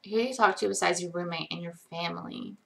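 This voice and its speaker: A young woman casually answering chat questions on a live stream, hesitant, with frequent ums and pauses. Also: on the low side, vocal fry.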